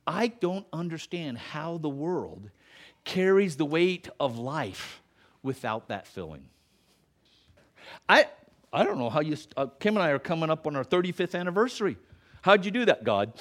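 A middle-aged male pastor preaching a sermon in church, earnest, rising in emphasis then dropping soft, closing in prayer. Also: a little high, sing-song, moderate pace. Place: church sanctuary.

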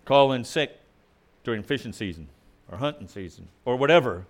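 Animated male preacher with a lively voice. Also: medium pitch, moderate pace. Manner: conversational, asks the congregation questions. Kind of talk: sermon.

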